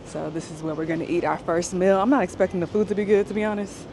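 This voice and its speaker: A woman's voice: on the low side, quick pace. A young adult woman vlogging casually outdoors on a city street, chatty and often laughing. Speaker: travel vlogger. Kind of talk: casual vlog chat while walking outdoors. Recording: clear city street noise behind.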